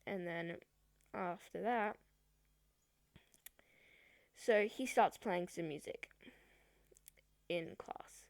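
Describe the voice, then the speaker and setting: A woman's voice: on the low side, extremely slow, long pauses, no room sound, clean studio sound. A woman vlogger telling a personal story in a chatty, rambling way, with many fillers. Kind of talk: storytime vlog.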